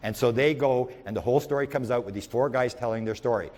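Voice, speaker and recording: This is a fast-talking man with a mid-range voice giving a UFO research lecture made of stories. He rambles, often starting over and repeating himself, and narrates with animation in the present tense.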